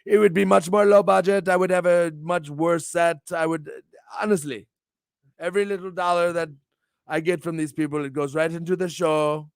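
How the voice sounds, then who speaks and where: Loud, theatrical high-voiced male streamer. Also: fairly even intonation, moderate pace, creaky, clean tone, no echo, studio quality. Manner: bombastic, theatrical, swings pitch and volume wildly. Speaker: streamer hosting a morning show. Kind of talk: hyped-up wrestling promo chat.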